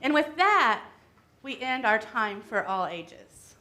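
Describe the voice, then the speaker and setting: Lady talking to the kids at church, simple gentle words, high voice. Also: very animated, slow pace. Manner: gentle, simple explanations aimed at children. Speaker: worship leader for a children's segment. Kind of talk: time-for-all-ages talk to children. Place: church sanctuary.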